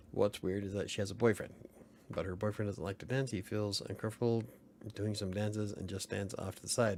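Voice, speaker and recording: Guy chatting on his stream late at night, kinda low voice, laughs a lot, bit of background hiss. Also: steady tone, fairly quick, a little mellow. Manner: rambling, chuckling, reads chat aloud. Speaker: livestream host. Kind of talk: casual late-night livestream chat.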